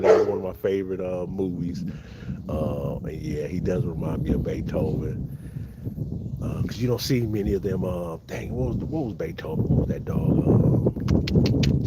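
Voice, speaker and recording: Low-voiced Californian man, relaxed livestream host talking to viewers, noisy outdoor phone audio. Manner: laid-back, keeps calling viewers y'all and thanking chatters. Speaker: dog breeder hosting a livestream. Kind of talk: casual livestream chat. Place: outdoors in the cold beside big dogs. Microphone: phone set up on the spot.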